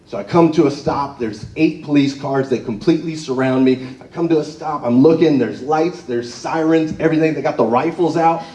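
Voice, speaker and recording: Guy giving a lively story talk, kinda high voice, sounds far off in a big echoey room. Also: a little fast, hardly any pauses, dull audio. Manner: animated, tags phrases with "right?". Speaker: motivational speaker. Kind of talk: storytelling speech to a live audience.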